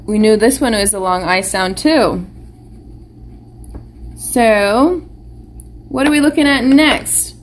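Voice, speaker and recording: Slow, patient woman teaching young children. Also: on the high side, slight background noise. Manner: patient, encouraging, speaks slowly with questions to children. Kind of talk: live online phonics lesson for young children.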